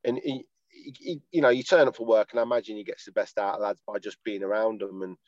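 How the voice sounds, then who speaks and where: Over dull, lo-fi video-call audio with a dry sound, a former footballer talks fast as a podcast guest from his parked car, rambling, laughing and swearing. His voice is fairly low, a little mellow, with fairly even intonation.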